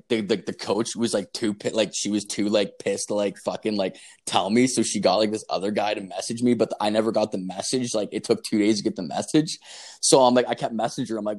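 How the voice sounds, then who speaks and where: A young man telling a long story in casual chat, rambling and swearing, full of "like" and "dude". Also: fairly low pitch. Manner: rambling, profane, lots of "like" and "dude".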